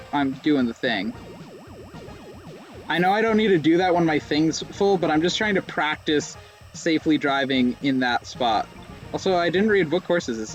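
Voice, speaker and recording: A young male streamer talks through a racing game in a slightly high voice. He rambles, mocks himself and lets out sudden yelps, with faint game music in the background. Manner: rambling, self-mocking jokes, sudden yelps. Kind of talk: live gameplay commentary.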